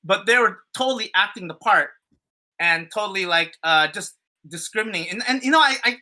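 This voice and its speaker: A man chatting on a podcast, spinning a story in loose, rambling fashion. His voice is very bright, and he swears freely and leans on fillers and restarts. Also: sits high, animated, brisk. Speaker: podcast co-host. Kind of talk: casual storytelling chat.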